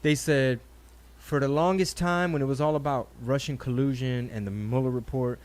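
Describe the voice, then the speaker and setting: A man's voice: mid-range voice, darkish tone. A man hosting a casual podcast chat, telling stories animatedly, acting out quotes and swearing freely. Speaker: podcast host.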